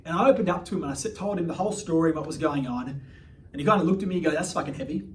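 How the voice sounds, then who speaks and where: A man's voice: on the high side, rapid-fire. A man, a coach telling a personal story in a blunt, swearing manner with many restarts. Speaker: life coach. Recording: distant mic, faint background noise.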